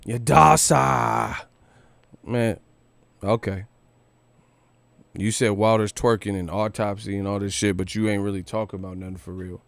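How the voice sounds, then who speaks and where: A man's voice: lowish voice, little pitch movement, moderate pace, long pauses, no room sound. Profane man ranting casually. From United States. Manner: loose, profane, repetitive street slang. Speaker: boxing commentary host. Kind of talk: live stream rant.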